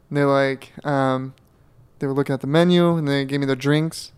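A man's voice: medium pitch, fairly even intonation, normal speed, a little mellow, clear, resonant tone. A young man and podcast co-host, rambling through a casual story, swearing, laughing and acting out what people said.

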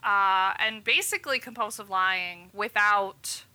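This woman speaks in a mid-range voice that is unhurried, bright, forceful, clear and resonant. In her thirties and a physician, she's a guest on a casual podcast, telling a story and acting out the quotes.

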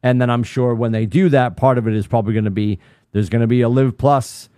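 A middle-aged man co-hosting a podcast in casual chat, rambling and animated with lots of restarts. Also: mid-range voice, fast talker, no room sound, studio quality. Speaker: podcast co-host.

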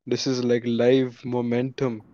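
A man's voice: medium pitch, monotone, measured pace, dark tone. A young man co-hosting a casual podcast, joking around, echoing his friends' lines and hyping the viewers. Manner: joking, repeats others, hypes the audience. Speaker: podcast co-host. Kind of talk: casual chat. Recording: dry, slightly dull sound.

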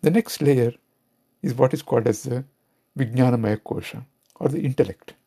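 A man's voice: mid-range voice, moderate pace, mellow, slightly rough. A man with an Indian English accent giving a reflective spiritual talk, asking rhetorical questions as he goes. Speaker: spiritual teacher.

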